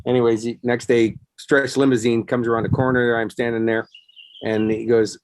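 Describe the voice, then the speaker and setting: A man in his fifties, a guest in an interview, telling stories and acting out other people's quotes in a lively way. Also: mid-range voice, brisk. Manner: animated storyteller acting out quotes. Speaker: guest, actor and success coach. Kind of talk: casual interview storytelling.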